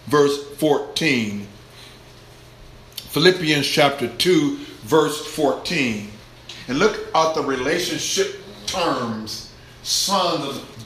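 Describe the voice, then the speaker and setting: A male preacher delivering a sermon, swinging between loud shouts and quiet asides and acting out the grumbling voices of churchgoers. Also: a little high. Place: church hall with congregation. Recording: echoey room with faint ambience.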